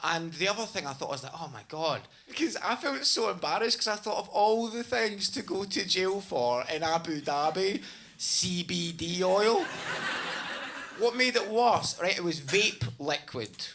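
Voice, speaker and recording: A man tells a stand-up story in a chatty, self-mocking way. His fairly high voice swings around with lively pitch, and clear background noise runs under the live stage mic. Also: measured pace. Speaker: stand-up comedian. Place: comedy club stage. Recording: live club recording with noise.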